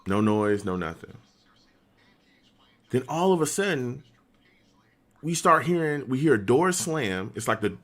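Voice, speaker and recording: A man streaming, telling a story in an animated, slangy way and laughing often. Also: mid-range voice. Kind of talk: casual storytelling.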